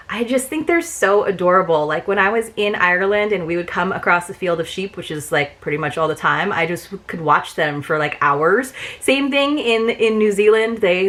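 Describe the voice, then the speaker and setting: A woman's voice: mid-range voice, fairly bright tone. A young woman hosting her own unboxing channel, chatting casually to camera in a gushing, chatty way, with lots of "like" and "you guys".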